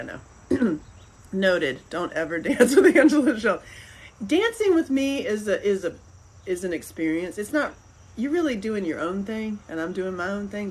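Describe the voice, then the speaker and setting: A middle-aged woman hosting a podcast, chatting casually and telling rambling, animated stories. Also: medium pitch, a little hiss or hum. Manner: rambling, animated storytelling with laughs. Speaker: podcast host. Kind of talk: casual chat.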